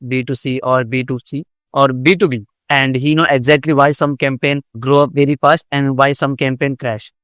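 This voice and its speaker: A man's voice: medium pitch, clear, resonant tone, dry recording. A man hosting a podcast, introducing his guest in plain, non-native English with broken grammar. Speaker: podcast host. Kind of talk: show introduction.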